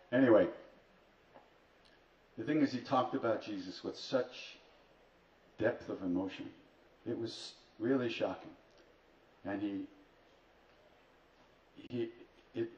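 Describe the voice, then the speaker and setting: This man speaks on the low side with a darkish tone, a spiritual teacher at a retreat spinning humorous tales for his listeners. His delivery is full of dry, wry comments and self-mockery. The hall recording sounds far off, roomy and dull, with a faint ambient wash.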